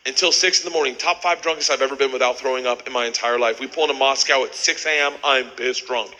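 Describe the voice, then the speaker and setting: A middle-aged man telling a wild story as a stand-up comedian, loud and animated, yelling punchlines in high voices. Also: a little hiss or hum, poor audio.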